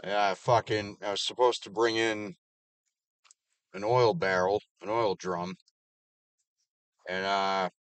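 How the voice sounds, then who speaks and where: A man with a fairly low voice vents in a bitter, swearing rant. He lurches from raised outbursts to flat, muttered asides. The sound is close and dry, with no room around it. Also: slow, long pauses, clean tone, no room sound. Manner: heavily profane, swings between loud outbursts and low mutters. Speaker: vlogger. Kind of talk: angry personal rant to camera.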